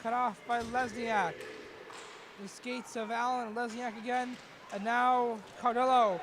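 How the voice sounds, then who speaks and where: A young man calling live hockey play-by-play, quick and excitable, jumping to shouts when a chance comes. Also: very high-pitched, a little hiss or hum. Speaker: play-by-play commentator.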